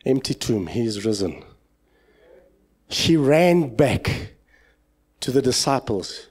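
Preaching passionately from a church pulpit, this South African man swings between booming outbursts and hushed side remarks. His voice is slightly rough, and he's animated but takes his time.

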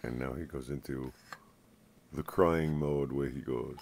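A man's voice: rumbling low, fairly even intonation, measured pace, creaky, noisy background. A man at home filming his pet on his lap, teasing, coaxing and playfully scolding it. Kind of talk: casual home video talking to a pet.

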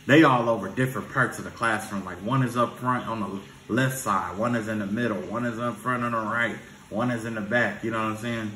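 A man's voice: on the low side, fairly even intonation, a little fast, few pauses, bright, forceful tone, a little hiss or hum. A man giving spiritual advice in a loose, profane vlog, often tossing in "you know what I'm saying". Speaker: spiritual reader. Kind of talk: casual spiritual vlog talk. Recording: roomy echo.

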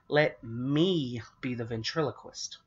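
A man's voice: medium pitch, slow pace, muffled recording, close to an everyday voice. A man voicing a possessive young twin girl in a storybook reading, whining and protesting.

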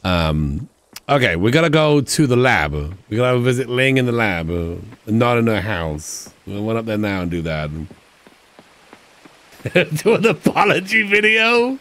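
A man's voice: on the low side, expressive, normal speed. Laid-back rambling male streamer. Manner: rambling, laughing, many fillers. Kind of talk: casual game stream chat.

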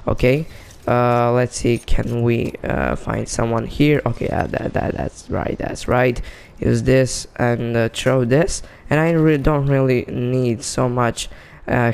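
Excitable gravelly man gaming. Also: medium pitch. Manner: excitable, talks to himself and teammates, frequent exclamations. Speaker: gamer. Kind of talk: excited gameplay commentary.

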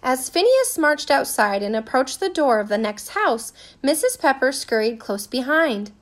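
A woman reading a children's storybook aloud with expressive, animated narration. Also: sits high, normal speed.

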